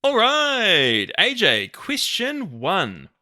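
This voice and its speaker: Male quiz host, teasing, bright tone with a lively, bouncing pitch. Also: no echo, clean studio sound. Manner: teasing, quick to laugh. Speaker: quizmaster. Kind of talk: casual podcast chat.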